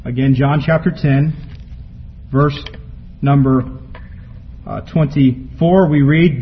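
A man delivers a sermon, climbing to forceful, emphatic peaks before falling back to a low, quiet delivery. His voice sits somewhat high for a man. The recording sounds dull and lo-fi, with a faint hiss of noise behind him. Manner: preaching from scripture, rising to emphatic peaks then dropping low. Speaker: preacher.

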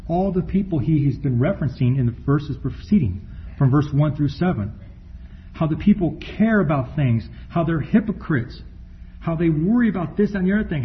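Preacher man slowing down to stress words. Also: fairly high pitch. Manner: slows down to stress words, reads scripture deliberately. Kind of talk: sermon with scripture reading. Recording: dull recording with faint room noise.

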